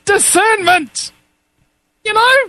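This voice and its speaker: A man's voice: slow pace, bright, forceful tone, no echo. A man hosting a talk show, telling a story in an emphatic way. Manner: emphatic, storytelling, swoops up high on key words. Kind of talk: animated talk show monologue.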